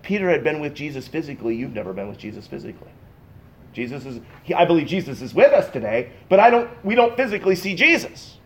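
A man preaching in a church, his voice set a little higher than most men's. He swings between loud, emphatic bursts and hushed, intense passages as he talks to his congregation. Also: big pitch swings, fast. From Pacific Northwest. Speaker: pastor. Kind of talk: sermon. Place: church sanctuary.

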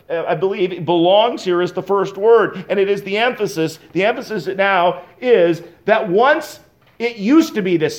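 A man preaching an expository sermon as pastor, reading scripture slowly and swinging between loud and soft. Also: sits high, highs cut off.

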